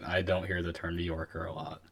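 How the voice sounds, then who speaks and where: A young man from New York co-hosting a comedy podcast. He throws in quick, teasing remarks during his friend's stories. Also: low voice, monotone. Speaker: podcast co-host. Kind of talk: casual comedic chat.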